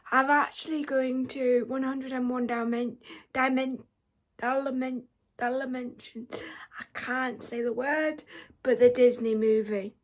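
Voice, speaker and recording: Brief: young woman, croaky and high-pitched, unhurried rambling vlog chat. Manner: rambling and chatty, with emotional swings. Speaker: vlogger. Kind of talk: casual chat. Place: her bedroom.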